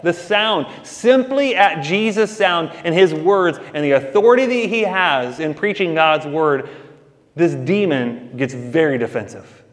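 A man's voice: a little high, long reverb tail. A man preaching a sermon as pastor, talking to the congregation in a conversational way with casual asides.

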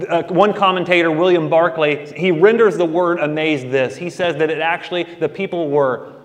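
Male pastor, slightly high voice, conversational sermon delivery, long hall reverb. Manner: conversational preaching with asides.

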